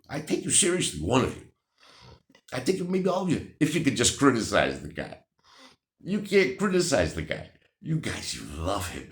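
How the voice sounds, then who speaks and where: A man rants sarcastically at his viewers, laughing and restarting his sentences as he goes. His voice swings up and down a lot and has a gravelly edge. The room gives it a noticeable echo. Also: mid-range voice. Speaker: vlogger answering viewer comments. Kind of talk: casual ranting commentary.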